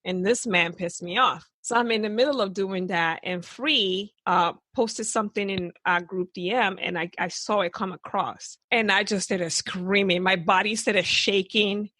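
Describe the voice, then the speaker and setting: Bubbly woman host of a chat podcast, mid-pitched, dry close sound, gushing and laughing. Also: a little slow, few pauses, no room sound. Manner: excitable and effusive, laughing often. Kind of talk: casual chat.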